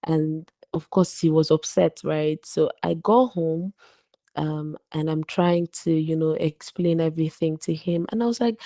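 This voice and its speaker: A young woman telling a personal story as a podcast guest, animated and full of asides. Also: low-pitched, a little slow. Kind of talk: casual storytelling.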